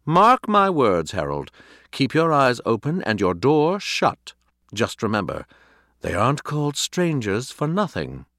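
A man voicing a theatrical, paranoid male house cat in a storybook reading, smooth one moment and hysterical the next. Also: on the low side, big pitch swings, normal speed, a bit bright, dry recording, studio quality, heavily acted. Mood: dramatic.

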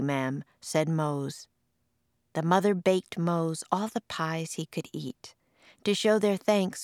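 A woman author reading her own storybook aloud in an expressive read-aloud style. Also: low voice, no room sound, studio quality. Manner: expressive, puts on voices for quoted lines. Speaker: author and narrator.

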